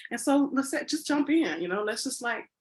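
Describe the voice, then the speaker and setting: A woman's voice: a little high, expressive, moderate pace, a little mellow. A woman co-hosting a podcast in casual chat. She rambles playfully and corrects herself, with lots of "you know" fillers. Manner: playful and chatty. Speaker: podcast co-host.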